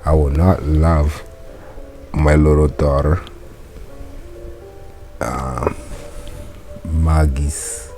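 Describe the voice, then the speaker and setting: Man with a very deep, dark voice, slow careful reading, translating aloud, self-correcting, faint music behind. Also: flat delivery. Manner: thinks aloud, self-correcting, chuckles at his own slips. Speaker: Latin learner reading a textbook aloud.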